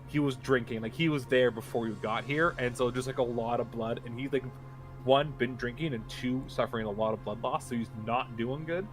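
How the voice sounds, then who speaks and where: A man's voice: mid-range voice, a little fast, faint music behind. Rambling male game master. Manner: rambling, full of "like" and "um". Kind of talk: narrating a tabletop game.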